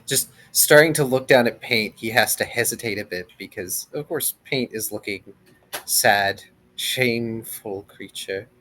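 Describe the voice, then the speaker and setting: A man voicing his character in a tabletop game, speaking gently and coaxingly to another player's character. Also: fairly low pitch, unhurried, slight background noise. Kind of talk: in-character tabletop role-play.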